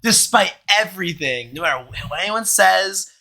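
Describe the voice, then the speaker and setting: Young man, podcast co-host, high lively voice, bright, stammering restarts, casual chat. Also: normal speed, vocal fry. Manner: animated, stammering restarts, laughs often.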